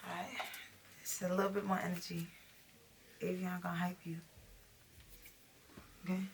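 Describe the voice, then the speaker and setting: A woman's voice: fairly low pitch, little pitch movement, normal speed, noisy background. A woman coaching her son in a recording studio. She gives emphatic, directive instructions and chats casually for a reality vlog.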